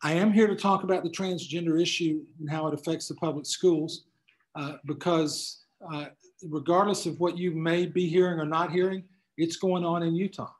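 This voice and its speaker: A man lectures a class in a room full of people, talking conversationally and often restarting his phrases. His voice sits somewhat high for a man. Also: steady tone, moderate pace, low-quality recording. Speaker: attorney giving a class talk.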